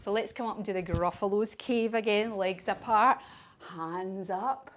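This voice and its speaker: A woman's voice: medium pitch, measured pace. A woman teaching a children's yoga class through a story, giving sing-song, encouraging instructions.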